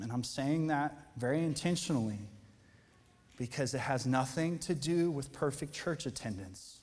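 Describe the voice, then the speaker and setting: A man preaching a sermon as pastor, talking in a conversational, animated way that builds to impassioned emphasis. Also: medium pitch, moderate pace, breathy edge, big-room sound. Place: church auditorium.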